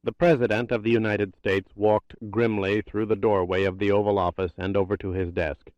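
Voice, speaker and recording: Low-voiced man narrating a thriller. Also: level tone, moderate pace, darkish tone, dry recording, muffled recording. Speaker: audiobook narrator.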